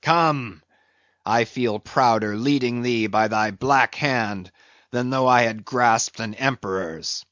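A brooding old sea captain, acted by a man declaims in solemn archaic phrases and barks sharp orders at a slow, weighty pace. The sound is dull and dry, close in a dead room. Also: medium pitch, dry recording. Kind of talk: radio play acting.

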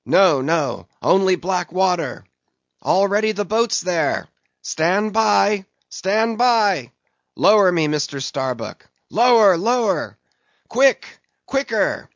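Obsessed old captain read by a man, bellowing high and loud from a dull dry recording. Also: no echo. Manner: bellowing orders, drawn-out cries. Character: obsessed old sea captain, commanding, fierce.

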